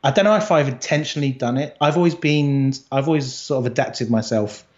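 A man's voice: mid-range voice, a little fast, darkish tone, a little hiss or hum. Brief: middle-aged Englishman from the Isle of Wight, easygoing guest, thinks aloud, muffled lo-fi recording. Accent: British. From Isle of Wight, England. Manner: thoughtful, with frequent fillers and restarts. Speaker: guest, agency co-founder. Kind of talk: casual conversational interview.

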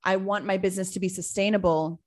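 A woman in her thirties from Trinidad, speaking in a thoughtful interview with many pauses as she searches for words. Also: mid-range voice, steady tone. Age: 30s. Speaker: guest, business owner. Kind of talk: reflective interview answer.

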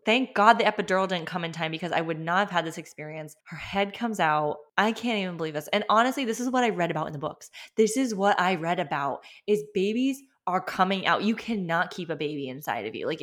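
A woman, hosting a podcast and telling a personal story in an animated, chatty way. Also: fairly low pitch. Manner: animated, chatty, lots of fillers. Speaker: podcast host.

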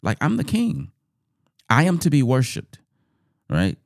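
A man's voice: mid-range voice, wildly swooping pitch, measured pace, creaky, no echo, clean studio sound, voice pushed up, exaggerated voice. A man voicing a boastful, angry king who taunts and threatens in a slangy, swaggering way. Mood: proud, threatening.

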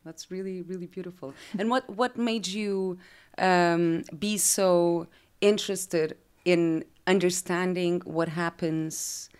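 A woman's voice: fairly low pitch, fairly even intonation, slow pace, a little mellow, clear, resonant tone. A woman from Portugal with a Portuguese accent, hosting an interview podcast in English with frequent hesitations and fillers. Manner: hesitant, many fillers, laughs easily. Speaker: podcast host.

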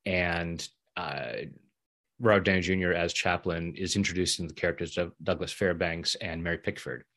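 A middle-aged man telling a personal story in a casual interview, lively when he acts out what others said and laughing often. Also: deep voice, normal speed. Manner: animated when acting out quoted voices, laughs often. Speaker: interview guest, EFT practitioner.

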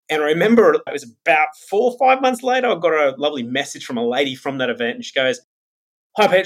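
A man hosting a spiritual podcast, telling stories in a chatty, animated monologue. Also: mid-range voice. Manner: chatty storyteller, animated retellings. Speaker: podcast host and medium.

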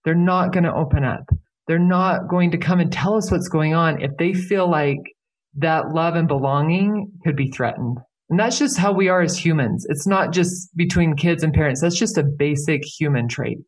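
A middle-aged woman speaking as a guest, talking earnestly about parenting in casual conversation with animated emphasis. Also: sits low, normal speed. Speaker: podcast guest, parenting expert.

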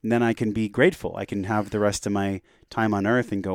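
A man's voice: fairly low pitch, steady tone, fast, hardly any pauses, dry recording, clean studio sound. A man speaking as a podcast guest, telling a personal story in an earnest, heartfelt, reflective way.

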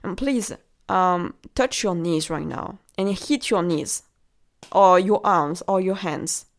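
Her voice sits on the low side and she speaks slowly. A relationship coach from France with a French accent, she hosts a motivational podcast and talks straight to the listener with encouragement.

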